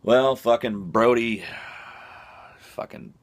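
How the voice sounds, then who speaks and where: A man's voice: mid-range voice, takes it slowly. A man telling a comic, profane, rambling story full of fillers. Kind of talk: comic monologue.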